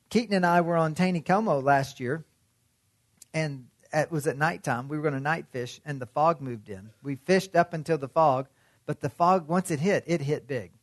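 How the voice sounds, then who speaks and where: A man's voice: fairly high pitch, normal speed, dry recording, clean studio sound. A man preaching a sermon in a conversational way, often asking his listeners questions. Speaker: pastor.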